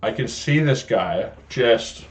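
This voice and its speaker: A man's voice: mid-range voice, lively intonation, takes it slowly. Swearing young man ranting. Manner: profane, joking storyteller, laughs often. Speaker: podcast host. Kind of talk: casual solo podcast rant. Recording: dull lo-fi home podcast audio.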